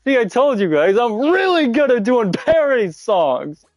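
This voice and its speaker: Excitable high-voiced male streamer. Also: moderate pace, no room sound, faint music behind. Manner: excitable, giggly, shouts movie catchphrases. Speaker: livestreamer. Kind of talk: casual gaming livestream chat. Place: at home, mom nearby.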